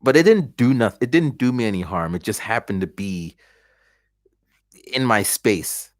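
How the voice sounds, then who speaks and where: Animated man telling stories, dry sound. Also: fairly low pitch, normal speed, no room sound. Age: 40s. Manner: animated storytelling with voiced reactions. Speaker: livestream host. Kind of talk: casual chat.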